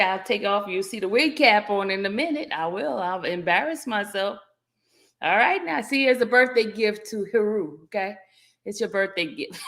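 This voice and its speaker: A woman's voice: mid-range voice, bright, forceful tone. A woman hosting a casual livestream, greeting her viewers one by one and laughing as she teases them. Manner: playful, greeting viewers by name; laughs often while teasing the audience. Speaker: livestream host.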